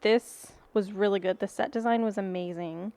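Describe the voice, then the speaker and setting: A woman's voice: mid-range voice, steady tone, moderate pace, dark tone. A woman co-hosting a podcast, chatting casually with many hesitant ums. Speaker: podcast co-host. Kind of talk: casual chat.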